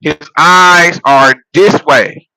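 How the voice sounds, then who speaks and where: A man on a loose, profane football rant, full of laughs and restarts. His voice is bright and forceful, and it sits dry and close with no room sound. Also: on the high side, drawn-out words, clear, resonant tone, no room sound, poor audio. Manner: animated, profane, laughs at his own jokes; repeats phrases and restarts while building a point. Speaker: sports vlogger and football fan. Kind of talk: casual sports rant.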